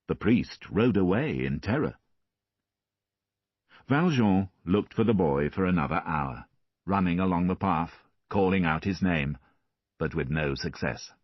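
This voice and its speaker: Deep-voiced guy reading an audiobook slow, lots of rise and fall, kinda muffled. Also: dry recording. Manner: measured and expressive storytelling. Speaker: audiobook narrator. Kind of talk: scripted audiobook narration.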